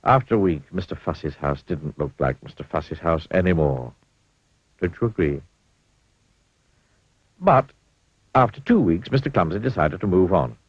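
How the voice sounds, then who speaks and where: Man, storybook narrator, low husky voice, lively, wry, dry dull lo-fi sound. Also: moderate pace, long pauses, no echo. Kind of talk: scripted cartoon narration. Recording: dull lo-fi old cartoon audio.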